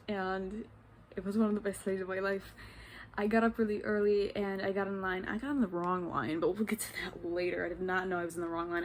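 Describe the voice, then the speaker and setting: Excitable young woman gushing on a vlog. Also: mid-range voice, slight background noise, low-quality recording. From New York state. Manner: excitable and gushing, with fillers and giggles. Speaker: vlogger. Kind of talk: casual vlog chat.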